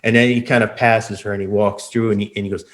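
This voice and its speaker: A man's voice: fairly low pitch, flat delivery, quick pace. A man narrating a tabletop game as game master, rambling with many fillers and restarts.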